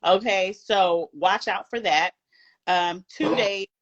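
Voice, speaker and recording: A woman's voice: mid-range voice, takes it slowly, lo-fi sound. Hyped Brooklyn-born woman co-host. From Brooklyn, New York. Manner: hyped, playful bragging. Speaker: podcast co-host. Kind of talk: casual live-stream chat.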